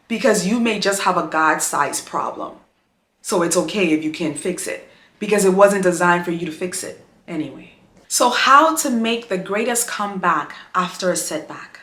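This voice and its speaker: With a bright, forceful mid-range voice in an echoey room, a female vlogger gives a heartfelt faith talk to camera. She is emotional and uplifting, repeats herself in a preaching cadence, and addresses her audience as "girl."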